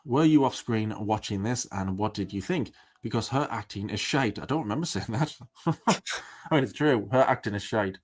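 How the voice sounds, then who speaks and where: A man calmly recounting past events and reading out messages, wry and plain-spoken. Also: fairly low pitch, normal speed, slightly rough. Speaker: interviewee in clip.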